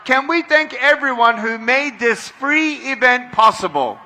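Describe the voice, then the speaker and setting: A middle-aged man giving a motivational speech to a large crowd at an outdoor event, leading call-and-response and often shouting. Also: extremely high pitch, expressive, unhurried. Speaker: motivational speaker.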